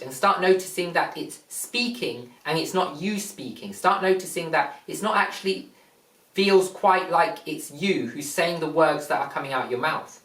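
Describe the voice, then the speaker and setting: A man giving a slow, repetitive spiritual talk, explaining and asking rhetorical questions. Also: on the high side, a bit bright. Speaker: spiritual teacher. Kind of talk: teaching monologue. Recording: roomy, distant mic.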